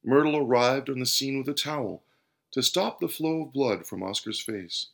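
A man hosting and narrating a scripted parable with an expressive reading. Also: medium pitch, normal speed, creaky. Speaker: host and storyteller. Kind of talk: scripted storytelling.

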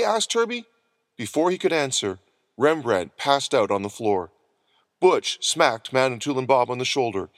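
A man narrating a storybook with expressive delivery, recorded close. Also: mid-range voice, normal speed, no room sound. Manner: expressive reading of many voices.

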